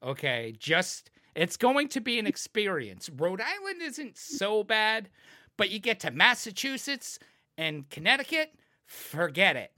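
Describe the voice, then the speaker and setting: A man in his thirties from New England, telling profane, animated road stories in a casual chat and shouting the lines he quotes. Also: high-pitched, unhurried, dry recording, studio quality.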